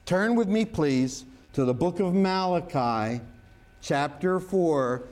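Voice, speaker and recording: A man's voice: on the high side, expressive, slow, a little mellow. A man preaching a sermon as pastor, mixing jokes and stories into his teaching and drawing out key words for emphasis. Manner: humorous, joke-telling preacher.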